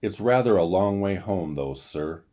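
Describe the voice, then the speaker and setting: A man's voice: low voice, lively intonation, measured pace, mellow. A man reading aloud as a polite, earnest teenage boy in a storybook.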